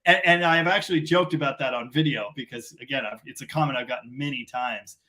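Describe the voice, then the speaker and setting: A man's voice: mid-range voice, quick pace, bright, forceful tone. A middle-aged man from Canada hosting a casual live stream, rambling and self-deprecating in long run-on sentences.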